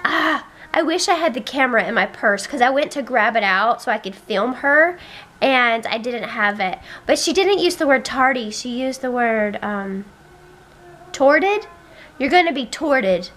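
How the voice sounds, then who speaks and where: Chatty high-voiced young mom. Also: female voice, lively intonation, normal speed. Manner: chatty, rambling, exasperated by kids. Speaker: family vlogger, mom. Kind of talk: casual chat to camera. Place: family home. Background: children squealing and yelling.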